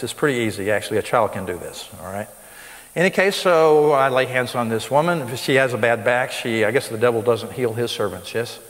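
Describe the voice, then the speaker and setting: Guy preaching healing seminar, punchy emphatic delivery, big hall reverb. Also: mid-range voice. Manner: emphatic, rising to stress points. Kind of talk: sermon. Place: school hall with live audience. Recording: long reverb of a large hall.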